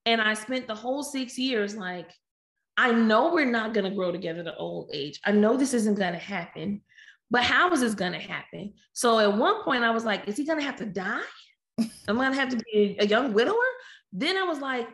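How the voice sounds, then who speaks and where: Animated woman telling a personal story. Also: on the high side, fairly quick. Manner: lively, animated retelling with voiced quotes. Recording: echoey room.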